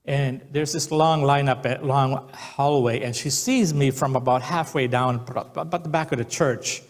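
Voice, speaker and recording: A man's voice: medium pitch, steady tone, a little slow. A man preaching a sermon as pastor, telling stories and acting out the quotes. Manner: storytelling, acts out quotes.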